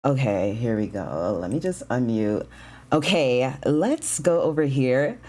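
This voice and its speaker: A man hosting a casual livestream talk show, bubbly and excitable, chatting and greeting viewers. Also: medium pitch, a little slow. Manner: bubbly and excitable, with bursts of shouting and laughter.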